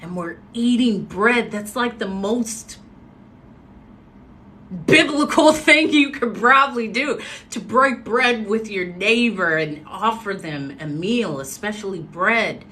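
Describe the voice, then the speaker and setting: Animated woman telling a story. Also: medium pitch, slow. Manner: animated, expressive, acts out quotes. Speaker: motivational speaker. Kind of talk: casual storytelling on a livestream.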